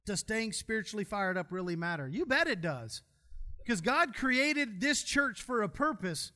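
A man's voice: sits high, very animated, normal speed, pushed and bright. A man preaching a sermon in a church, folksy and humorous as he tells stories. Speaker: pastor.

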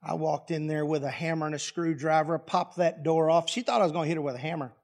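A middle-aged man preaching in a relaxed, homespun way, full of wry humor. His voice sits high for a man. He tells family stories as sermon lessons. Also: fast talker, vocal fry. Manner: folksy, plainspoken and humorous. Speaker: pastor. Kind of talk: storytelling sermon.

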